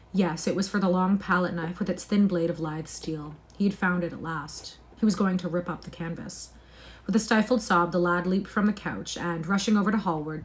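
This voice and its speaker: A woman reading a classic novel aloud in an expressive, measured way. Her voice sits slightly low. It is a livestreamed reading. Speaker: narrator.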